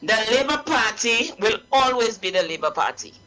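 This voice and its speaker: A woman's voice: on the high side, very animated, normal speed, bright, forceful tone, low-quality recording. A woman with a Saint Lucian accent calling in to a radio talk show, impassioned and preachy, repeating her points. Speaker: caller. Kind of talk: radio call-in.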